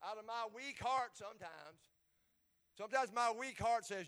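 A man preaching a sermon, stammering and repeating words as he builds toward loud, shouted peaks. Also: very high-pitched, animated, moderate pace, clean tone. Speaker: pastor.

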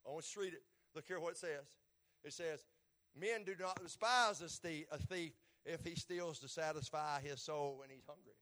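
A man preaches a sermon in a fairly high voice. He swings between loud, rising exhortation and quiet asides, and he repeats phrases as he works toward his point. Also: normal speed. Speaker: pastor.

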